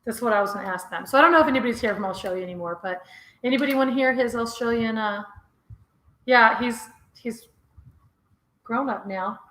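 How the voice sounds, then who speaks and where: Chatting live with her viewers from indoors at home, a middle-aged woman vlogger laughs frequently during the casual session. She speaks a little fast in a fairly high, fairly bright voice and pauses often, with slight background noise and a roomy echo.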